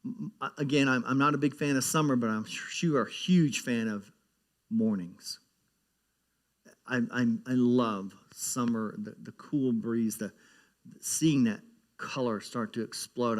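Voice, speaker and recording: Preaching a sermon, a male pastor with a medium-pitched voice keeps a conversational tone, frequently repeating himself and building in emphasis as he goes.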